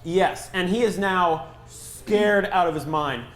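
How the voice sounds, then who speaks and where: A man narrating a tabletop game as game master, animated and often laughing. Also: high voice, slow, echoey room, soft background music.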